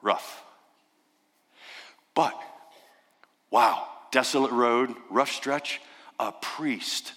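Pastor, male, lively and forceful sermon delivery, dramatic hushed drops, long hall reverb. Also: mid-range voice, drawn-out words, long pauses. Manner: dramatic, emphatic storytelling with sudden hushed drops.

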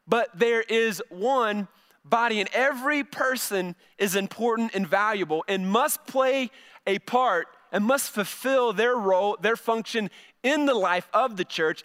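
A man's voice: high voice, unhurried, a bit bright. A middle-aged male pastor giving a conversational sermon, often repeating words as he starts a phrase.

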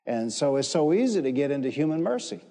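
A man's voice: on the high side, very animated, fast talker, mellow. A man preaching a sermon, emphatic, repeating phrases and calling on the congregation to respond. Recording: echoey hall with long reverb.

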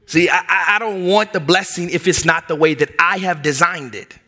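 Male pastor, middle-aged, lively storytelling sermon, bright edge, slightly high voice. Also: normal speed. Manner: animated, acts out voices in anecdotes.

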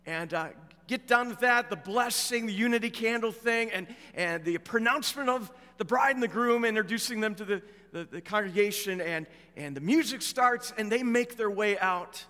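A middle-aged man preaching a sermon as a pastor, telling stories in a relaxed, conversational way with fillers. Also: sits high, normal speed. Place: church. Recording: echoey church hall with long reverb.

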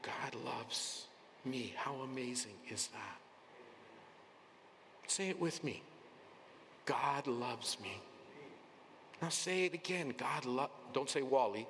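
A male pastor preaching an earnest, emphatic sermon in a church, sometimes dropping to a soft near-whisper. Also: mid-range voice, animated, slow, a little hiss or hum. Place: church sanctuary. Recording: long hall reverb, faint room ambience.

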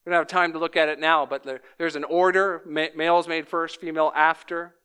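Higher-voiced guy preaching a sermon, crisp and smooth, slow emphatic lines. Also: flat delivery, sharp tone. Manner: measured, emphatic preaching with repeated key lines. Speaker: pastor.

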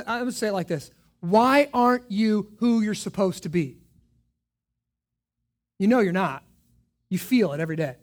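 Pastor guy preaching, high voice, goes quiet then loud, lots of questions. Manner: emphatic preaching, rhetorical questions, swings from hushed to loud. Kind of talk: sermon.

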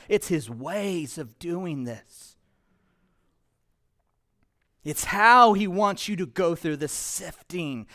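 Pastor, male, high voice, playful humorous sermon, dynamic hushed-to-loud emphasis. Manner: joking, playful asides mixed with preaching; shifts between hushed and loud emphatic delivery.

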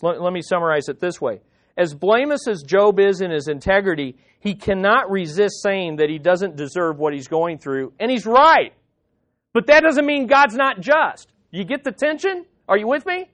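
A man's voice: high voice, lively intonation, unhurried, fairly bright tone. A man preaching an expository sermon, reading scripture aloud and explaining it emphatically, with frequent questions to the congregation. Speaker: pastor.

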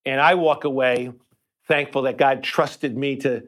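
A male pastor telling a personal story in a sermon, talking conversationally, often repeating words, and going quiet for tender parts. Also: mid-range voice, fairly even intonation, unhurried. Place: church sanctuary.

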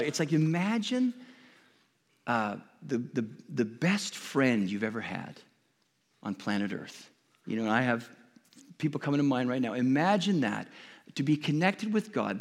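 A man preaching a sermon to a congregation, talking in an earnest, conversational way with frequent restarts. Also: on the high side. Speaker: pastor. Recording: long hall reverb.

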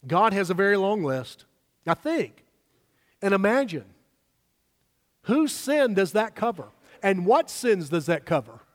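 A man preaching a sermon as pastor, emphatic and slowing down to stress key words. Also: high-pitched, big pitch swings, in a large hall.

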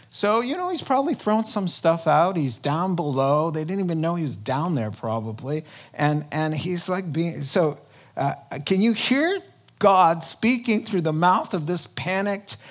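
Man preaching a lively, conversational sermon. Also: a little high. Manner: conversational, animated preaching with sudden loud emphasis. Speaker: pastor.

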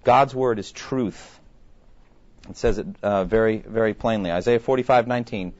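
A man's voice: lowish voice, moderate pace, a little mellow, lo-fi sound. A man preaching a sermon in a conversational way, often putting questions to his listeners.

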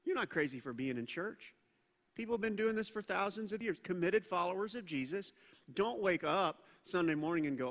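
Male pastor, high bright voice, animated sermon in a reverberant hall. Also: fairly quick. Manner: animated, acts out quoted voices. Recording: long reverb of a large hall.

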